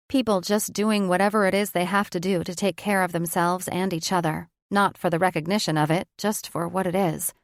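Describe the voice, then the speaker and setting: A woman's voice: medium pitch, dry recording. A woman reads a first-person audiobook in a reflective, conversational way, close to the mic. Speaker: audiobook narrator.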